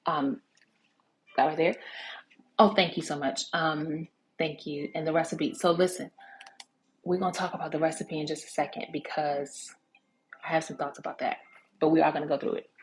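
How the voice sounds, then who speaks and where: A woman with a low voice talks through a live cooking demonstration in a casual storytelling way. She rambles warmly, with frequent ums and self-corrections, over a faint background hiss. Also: poor audio. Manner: chatty, with many fillers and restarts.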